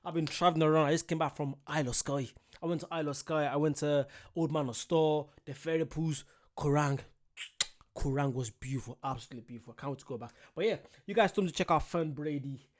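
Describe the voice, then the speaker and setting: Guy doing a reaction vid, kinda high voice, gets excitable and repeats himself. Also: fast. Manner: excitable, repeats words when worked up. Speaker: reaction video host. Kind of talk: casual reaction commentary.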